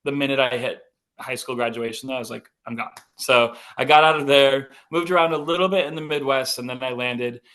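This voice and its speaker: Chatty male podcast guest in his thirties, light North Dakota vowels, mid-pitched, upbeat storyteller. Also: fairly quick, a bit bright. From North Dakota, USA. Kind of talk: casual interview chat.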